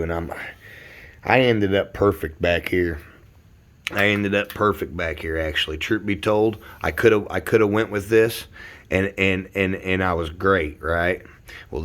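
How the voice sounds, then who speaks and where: A man, a roofer and hobby car builder, rambling and cursing through a casual workshop vlog from his garage, filmed on a phone. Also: low voice. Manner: rambling, profane, frustrated. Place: home garage.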